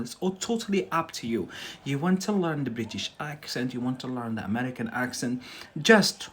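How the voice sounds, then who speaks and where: A man's voice: fairly high pitch, slightly rough. Chatty Algerian man teaching English live. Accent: Algerian with some Scottish. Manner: chatty, peppers speech with "yeah?". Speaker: English tutor. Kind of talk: live-stream English lesson.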